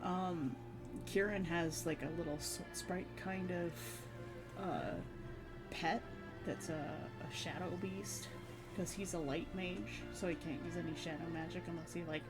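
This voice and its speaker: A woman's voice: fairly low pitch, moderate pace. Giggly woman streamer over music. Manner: giggly, rambling, laughs often between phrases. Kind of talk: casual stream chat. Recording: background music under voice. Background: background music.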